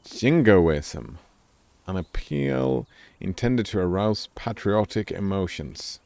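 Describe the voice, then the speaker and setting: A man's voice: deep voice, animated, unhurried, creaky, a little mellow, no room sound. A man streaming a video game, musing aloud, puzzling over words and joking at himself as he plays. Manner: musing aloud, looking up words, self-deprecating. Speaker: gameplay streamer. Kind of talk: casual commentary while playing a game.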